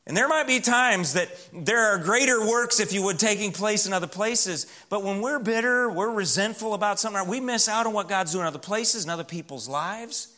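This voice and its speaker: A man preaching a sermon as pastor in a church, emphatic, slowing down and dropping to a hush on key words. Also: sits high.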